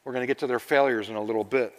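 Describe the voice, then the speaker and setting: A man preaching a sermon, telling stories and swinging between loud emphasis and hushed asides. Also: mid-range voice, steady tone, rapid-fire, slight background noise. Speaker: pastor. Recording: long reverb of a large hall.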